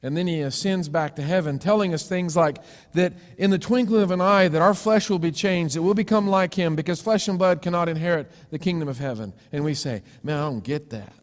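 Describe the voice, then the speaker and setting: A male preacher giving a sermon, telling a story with lively acted-out voices for its characters. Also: sits high, brisk, hardly any pauses, big-room sound. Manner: animated storytelling, acting out voices for shapes. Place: church sanctuary.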